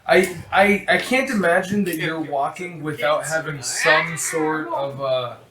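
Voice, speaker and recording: A man's voice: fairly high pitch, measured pace, a crowd in the background. A man running a tabletop game as game master, talking casually with many restarts. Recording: echoey room.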